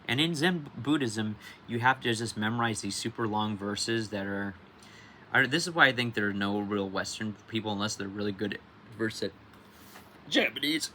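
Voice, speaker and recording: A man's voice: fairly low pitch, moderate pace, bright, forceful tone, slight background noise. A man chatting casually and rambling through a read-along, with lots of restarts and tangents, sounding sleepy. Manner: rambling, restarts often, swears in quoted outbursts. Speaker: livestream reader.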